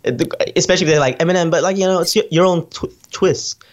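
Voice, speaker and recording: A man's voice: on the high side, fast. A man co-hosting a podcast and chatting casually, telling stories animatedly and acting out quoted lines. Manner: animated storytelling, acts out quotes. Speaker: podcast co-host and rapper.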